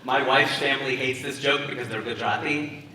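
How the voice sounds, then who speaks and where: A man doing a stand-up comedy set at a wedding, working the crowd with animated, laughing asides. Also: mid-range voice, fairly quick. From United States. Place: wedding reception venue. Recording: roomy, far-off mic with loud crowd.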